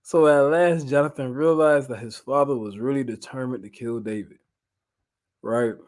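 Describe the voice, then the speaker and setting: A man, leading an informal Bible study, animated and repeating phrases for emphasis. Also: mid-range voice, normal speed. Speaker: Bible teacher.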